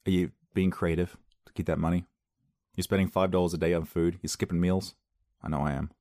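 A man's voice: low-pitched, little pitch movement, fairly quick, warm tone, no echo, studio quality. A young man, hosting a casual solo podcast, telling a self-mocking story and acting out the other people's voices. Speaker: podcast host. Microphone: podcast microphone on a loose cable at home.

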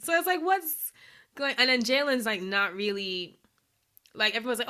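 A woman's voice: fairly high pitch, moderate pace. A woman co-hosting a podcast, chatting casually as she recaps a reality show, often laughing and acting out what people said. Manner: animated, laughs often, acts out quotes. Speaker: podcast co-host.

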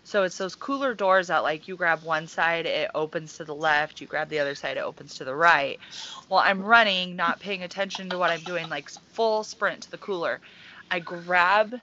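A young woman tells everyday stories on a casual podcast, swearing freely and throwing herself into every detail. Her voice is bright and sits a little low. The recording sounds dull and lo-fi. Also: moderate pace, a little hiss or hum. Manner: profane, animated storytelling. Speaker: podcast co-host. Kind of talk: casual chat.

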